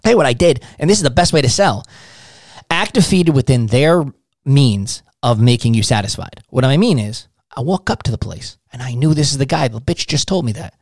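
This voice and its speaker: A man's voice: mid-range voice, expressive, brisk, a little mellow, dry recording, studio quality. Blunt, swearing sales trainer man. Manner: blunt, swearing, acts out dialogues. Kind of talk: casual profane sales advice.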